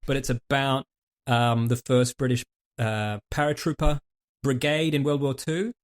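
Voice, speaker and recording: A man's voice: mid-range voice, fairly even intonation, measured pace. Chatty man retelling TV scenes. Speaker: podcast co-host. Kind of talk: casual chat.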